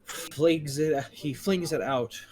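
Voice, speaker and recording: Slow-talking man game master. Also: on the high side, a crowd in the background, rough recording. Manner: slow, drawn-out descriptive narration. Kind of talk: narrating a tabletop game.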